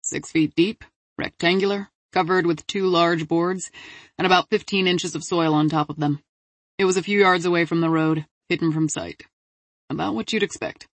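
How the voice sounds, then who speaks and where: A woman's voice: on the low side, fairly even intonation, normal speed, no echo. A woman voicing a male detective giving a matter-of-fact case briefing over the phone in an audiobook. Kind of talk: audiobook character voice.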